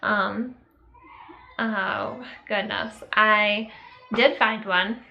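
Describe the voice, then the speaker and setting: A young woman telling a personal story to camera in a casual vlog, halting and reflective, with many fillers and pauses. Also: mid-range voice, steady tone, creaky, highs cut off, faint music behind. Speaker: vlogger.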